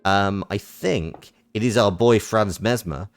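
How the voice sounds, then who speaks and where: A man's voice: fairly low pitch, slow pace, soft background music. A man streaming a game, rambling in a self-mocking way as he comments on it.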